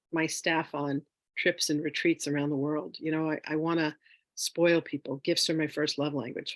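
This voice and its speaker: A woman telling a personal story in a casual, animated way as a spiritual wealth teacher, with lots of fillers. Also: low voice, no echo. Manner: animated, chatty, with frequent fillers; emotional, near tears.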